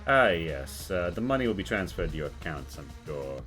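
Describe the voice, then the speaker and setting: A man voicing a grave, dismissive male scientist who speaks in a quiet, clipped way. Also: low-pitched, very animated, moderate pace, faint music behind. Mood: coldly formal.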